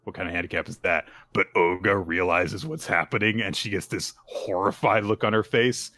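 A man co-hosting a casual podcast, retelling a manga chapter and acting out its characters' lines in quick voices. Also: sits low, steady tone, bright, forceful tone. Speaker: podcast co-host. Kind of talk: casual manga recap chat.

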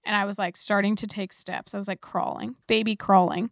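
A woman's voice: medium pitch, fairly even intonation, a little fast, gravelly, dry recording, studio quality. A woman co-hosting a church podcast, sharing a personal story in casual chat with many "like"s. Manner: warm storytelling, says "like" often. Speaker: podcast co-host.

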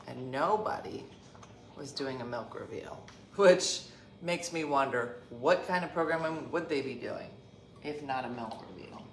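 A woman's voice: very deep voice, expressive, a little slow. A woman in her fifties chatting casually and jokingly to her viewers at home, often laughing. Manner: chatty and jokey, with frequent laughs. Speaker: vlogger. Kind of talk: casual morning chat to viewers. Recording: echoey room with clear background noise.

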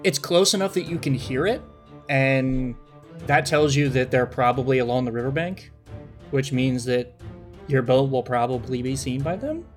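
A man narrating a tabletop game as game master in a relaxed, descriptive way with many fillers. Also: mid-range voice, moderate pace, soft background music.

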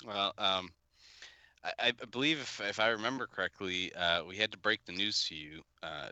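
A man's voice: deep voice, normal speed, bright, forceful tone. A man co-hosting an improvised comedy bit, wry and skeptical. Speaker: podcast co-host.

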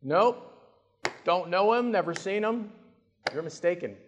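A man's voice: high voice, expressive, unhurried, highs cut off, slight background noise, pitched above the performer's own voice. A man acting out a scared disciple hastily and defensively denying he knows his friend. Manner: hasty, defensive denials. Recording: long hall reverb.

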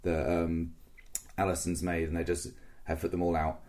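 A man's voice: low-pitched, monotone, a little mellow, slight background noise. A man co-hosting a podcast, talking earnestly in a casual chat, often stopping and restarting his sentences. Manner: halting, full of restarts, earnest. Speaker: podcast co-host. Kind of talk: casual chat about a live-action roleplay event.

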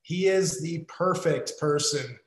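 An American man in casual conversation, talking haltingly with many fillers and restarts. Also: a little high, reverberant, low-quality recording. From United States.

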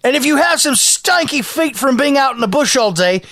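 An exaggerated Australian ad announcer, a man putting on the accent for a joke read. The voice sits very high and leaps all over the place. The sound is dry and close. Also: expressive, moderate pace, a bit bright, no room sound. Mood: hammy. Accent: put-on Australian. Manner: exaggerated, hammy delivery.

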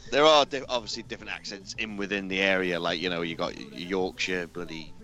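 Bright-voiced low-pitched English man. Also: a little fast. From Britain. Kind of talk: casual chat.

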